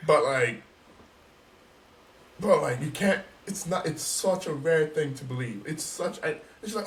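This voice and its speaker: A man holds forth on a casual podcast, animated and emphatic, swearing freely as he makes his point. His voice sits a little high for a man. He sounds a bit back from the microphone. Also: unhurried, recorded from a distance. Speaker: podcast co-host.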